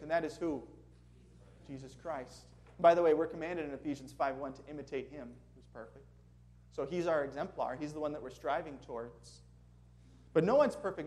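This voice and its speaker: A pastor with a slightly high, slightly mellow voice preaches conversationally, asking the congregation questions as he goes.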